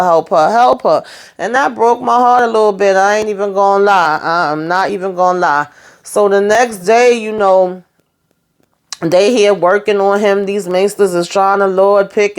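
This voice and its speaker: A woman retelling a TV episode in a loose, chatty way, tossing in sassy asides. She speaks with a somewhat low voice, and her talk is full of fillers. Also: clean tone. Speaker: show recapper. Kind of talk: casual recap commentary.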